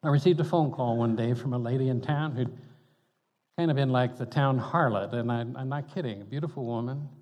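A man's voice: medium pitch, brisk. An older man, a pastor telling stories in a folksy, conversational sermon, chuckling between points. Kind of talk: storytelling sermon. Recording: dull reverberant hall sound.

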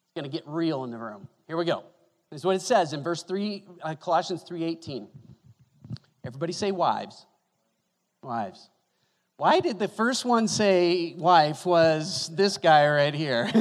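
A man preaching a sermon as pastor, animated and joking, moving from loud bursts to hushed asides. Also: fairly high pitch. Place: church hall. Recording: long reverb of a hall.

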